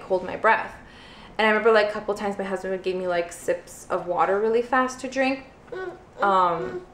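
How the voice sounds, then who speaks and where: With a medium-pitched, slightly bright voice, a first-time mother who vlogs chats through a personal story, saying "like" constantly. The recording has roomy echo plus a little hiss or hum.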